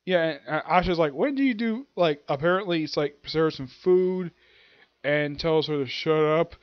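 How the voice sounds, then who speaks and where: A man's voice: fairly high pitch, steady tone, moderate pace, clear, resonant tone, no room sound, highs cut off. A man reviewing an anime and manga chapter in a casual, rambling way, stopping to hunt for names and acting out the characters' lines.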